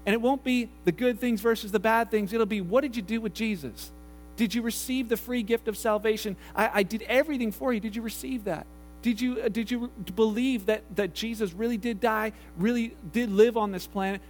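A male pastor preaching a conversational sermon, slipping into quick acted-out voices for the people in his stories. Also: high voice. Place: church sanctuary. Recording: roomy hall with mains hum.

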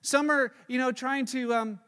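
A man in his thirties preaching a sermon, telling a story in a conversational, animated way with fillers and restarts. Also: very high voice, normal speed, clean tone. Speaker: pastor. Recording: long reverb of a large hall.

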